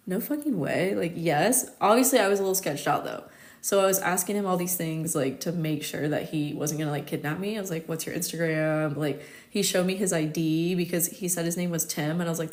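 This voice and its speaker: A thirty-year-old woman from the United States, chatting casually on a live stream and telling stories, with lots of "like" and frequent laughter. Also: fairly low pitch. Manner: chatty storytelling, constant "like", laughs often. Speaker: astrologer hosting a live stream. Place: her home in Paris.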